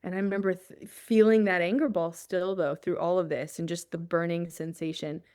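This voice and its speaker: A woman's voice: on the low side, fairly even intonation, moderate pace, warm tone, clear, resonant tone, no echo, clean studio sound. A woman guest on an interview show, telling a personal story in a casual way, often laughing and acting out her own thoughts. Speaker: guest, journalist.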